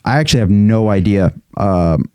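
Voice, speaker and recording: A man's voice: fairly low pitch, expressive, moderate pace, a little mellow, smooth, dry recording. A young man co-hosting a podcast, chatting in a crude, candid, rambling way. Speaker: podcast co-host. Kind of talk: casual chat. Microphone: studio podcast mic.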